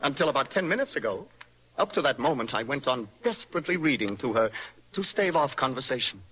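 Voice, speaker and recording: An actor playing a nervous, passionate young poet in an old-style radio drama, with a breathy, lyrical, theatrical delivery. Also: male voice, mid-range voice, big pitch swings, fast, a bit bright, low-quality recording. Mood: bitter. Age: young adult. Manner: swings between dreamy and impassioned outbursts. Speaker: romantic rival.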